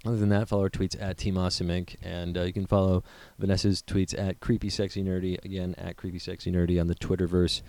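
A man's voice: low voice, little pitch movement, fast, hardly any pauses, dark tone, no echo. A man co-hosting a podcast, chatting loosely, joking and swearing freely. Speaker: podcast co-host. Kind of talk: casual podcast chat.

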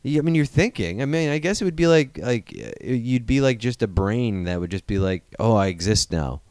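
A man's voice: mid-range voice, lively intonation, a little fast, darkish tone, clean tone, no room sound. A man co-hosting a podcast in casual banter, joking and swearing as he rambles through hypotheticals. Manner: profane, joking, trails off into mock inner voices. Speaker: podcast co-host.

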